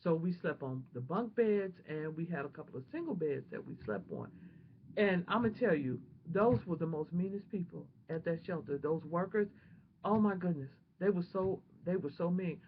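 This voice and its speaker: A woman vlogger telling a personal testimony in an animated, emotional, prayerful way, on a dull lo-fi home recording. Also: on the low side, normal speed, a little hiss or hum.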